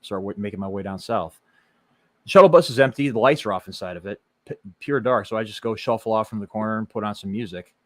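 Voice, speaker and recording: A man with a Chicago accent, telling a lively story in casual podcast chat, jokey and animated. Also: on the low side, quick pace, no room sound. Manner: animated storyteller, jokey, switches into a put-on local accent for quotes. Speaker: podcast host.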